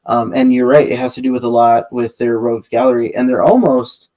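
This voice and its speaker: A man co-hosting a casual podcast, chatting with many fillers and pauses. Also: medium pitch, steady tone, dark tone. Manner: chatty, hesitant, lots of fillers.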